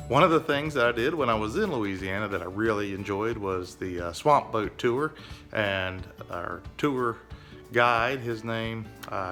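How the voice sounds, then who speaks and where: Man chatting as he cooks over music. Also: fairly low pitch. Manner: relaxed, chatty, with fillers. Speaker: home cook. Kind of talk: casual cooking narration.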